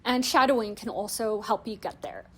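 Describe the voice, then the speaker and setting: A woman's voice: on the high side, normal speed. A young woman hosting a language-learning video, explaining tips in a chatty, friendly way with frequent "like" fillers. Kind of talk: casual explanatory vlog.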